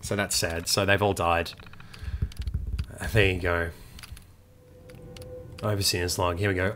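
A man's voice: fairly low pitch, measured pace, pauses often, a little hiss or hum. A young man giving casual, swearing let's-play commentary as a gaming YouTuber. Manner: swearing, excitable, chatty.

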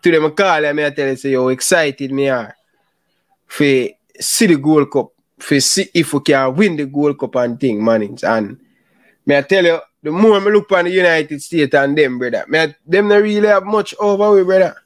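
A man's voice: fairly high pitch, expressive, moderate pace, no echo, studio quality. A man with a Jamaican accent hosting a football talk show, apologetic and laughing often, repeating "brother". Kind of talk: casual argumentative chat.

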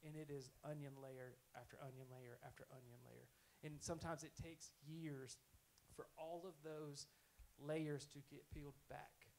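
A man's voice: a little high, flat delivery, normal speed, a little mellow, slight background noise, low-quality recording. A man preaching a sermon in a conversational, earnest storytelling way. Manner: conversational, earnest, self-correcting.

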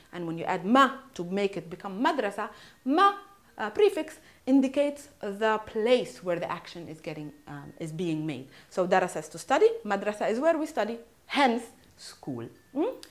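Lively Palestinian-accented woman teaching Arabic words. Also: on the high side. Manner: repeats words slowly, checks in with "hmm?" and "yeah?"; shows objects while naming them. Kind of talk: casual vocabulary lesson.

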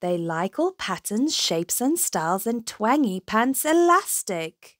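A woman reading a rhyming children's picture book aloud in a slow, rhythmic way. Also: medium pitch, very animated, dry recording, studio quality. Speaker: storyteller.

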